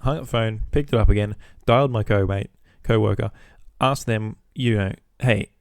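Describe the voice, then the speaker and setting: A man's voice: on the low side, normal speed, dry recording, clean studio sound. A man hosting a podcast, telling a casual story about his workday with swearing, acting out both sides of phone calls. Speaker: podcast host.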